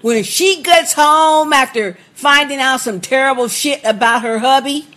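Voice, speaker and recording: A woman's voice: sits high, measured pace, pushed and bright. A woman co-hosting a podcast in casual chat, chatty, with frequent filler words. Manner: chatty, backchannels a lot, stumbles with uh. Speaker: podcast co-host.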